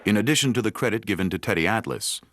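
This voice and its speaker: A man giving measured, scripted narration for a sports documentary. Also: lowish voice, a little hiss or hum. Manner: measured, even storytelling delivery. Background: music bed.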